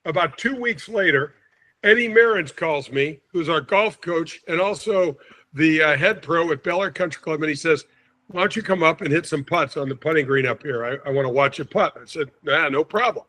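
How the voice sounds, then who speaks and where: A man in his sixties from St. Louis, a podcast guest telling an animated anecdote and acting out the quotes. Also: fairly high pitch, moderate pace. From St. Louis, USA. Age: 60s. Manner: lively storyteller, acts out quotes, chuckles often.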